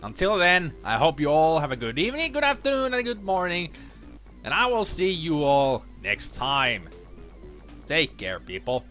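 A man doing a let's play commentary, grumbling and mumbling to himself and bursting into shouted curses. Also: fairly high pitch, very animated, moderate pace, soft background music. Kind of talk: frustrated gameplay commentary.

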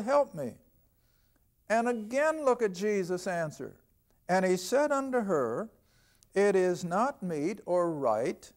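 An older man giving a televised Bible lesson in a folksy, conversational way, reading scripture aloud slowly. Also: high voice. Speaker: Bible teacher.

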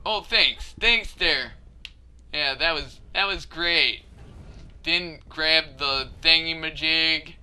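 Frustrated gamer man, slow and bright. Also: a little high, clear, resonant tone. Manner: frustrated, laughing, cursing rants. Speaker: let's play gamer. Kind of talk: gameplay commentary.

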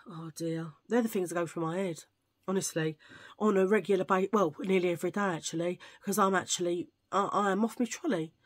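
A woman's voice: mid-range voice, husky. Rambling, chatty woman. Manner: rambling, chatty, jumps between tangents. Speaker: vlogger. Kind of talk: casual chat to camera. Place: at home filming under a ring light.

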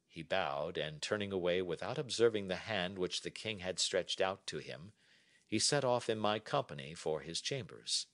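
Male narrator, low-ish and animated, clear measured story reading for learners. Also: no room sound, studio quality.

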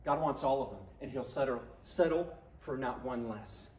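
A man's voice: mid-range voice, moderate pace, a little mellow. A male pastor preaching a sermon, emphatic and acting out scripture quotes in different voices. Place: church sanctuary. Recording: echoey church room.

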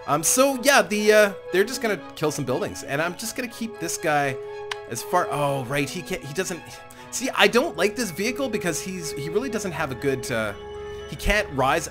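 A man giving casual gameplay commentary as a let's play host, excitable and thinking aloud, chuckling often. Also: on the high side. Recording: game music playing under the voice.

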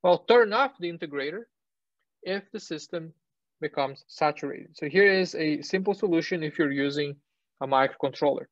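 A man lecturing on engineering in a fairly high voice, stepping through ideas with fillers, self-corrections and the odd "right?". The sound is dry and close, with a dull, lo-fi tone like a classroom recording. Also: moderate pace, no room sound. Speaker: university lecturer. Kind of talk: technical lecture.

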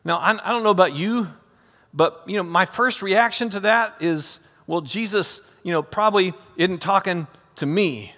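A man's voice: high-pitched, normal speed, bright, forceful tone. An older man preaching a storytelling sermon as a pastor, speaking conversationally and calling his listeners friends. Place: church sanctuary. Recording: long hall reverb in a church.

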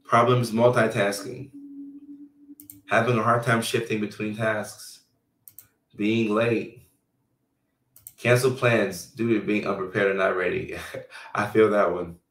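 Man, low voice, loose chatty host, live stream reading comments, roomy echo, distant mic. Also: steady tone, slow pace, long pauses, a bit bright. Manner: loose and chatty, lots of fillers. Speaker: health care provider hosting a live stream.

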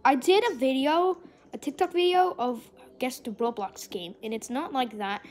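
A young female gamer giving excitable gameplay commentary, often breaking into shrieks and exclamations. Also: high-pitched, normal speed, a little hiss or hum.

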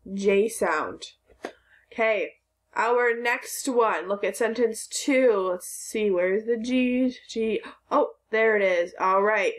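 A woman teaching a recorded phonics lesson to children, patiently sounding out letters and words. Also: medium pitch.

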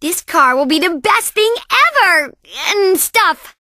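A woman voicing a young bandicoot girl in a cartoon video game, an eager, bratty little mechanic with a high, excitable voice. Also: slow, dry recording, clean studio sound, exaggerated voice.

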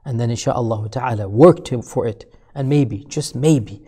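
A man's voice: medium pitch, moderate pace, mellow, husky. A man giving a sermon-style lecture, telling a story with building emphatic repetition and asking listeners rhetorical questions. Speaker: Islamic lecturer.

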